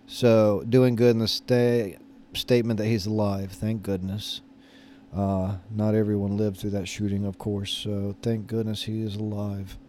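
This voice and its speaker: A man's voice: lowish voice, flat delivery, a little slow, warm tone, slight background noise. A man in his thirties casually telling a story, rambling and hesitant with many fillers and restarts. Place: lives in Florida.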